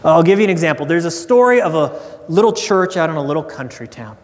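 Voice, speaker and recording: A man's voice: fairly high pitch, expressive, fast, big-room sound. A man preaching a sermon as pastor, conversational and storytelling.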